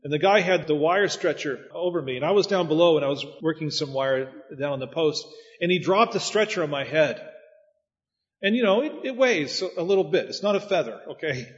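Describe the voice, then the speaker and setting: Male pastor telling homey stories from the pulpit, kinda high voice, dull recording. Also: animated, brisk. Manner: folksy, anecdotal, chuckling asides. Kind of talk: preaching talk. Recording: muffled sound with long hall reverb.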